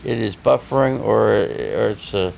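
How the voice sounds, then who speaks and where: A man live streaming from his phone, flustered and swearing as he talks in a casual, halting way. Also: fairly low pitch, gravelly, a little mellow, a little hiss or hum. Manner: flustered, swearing, restarting sentences.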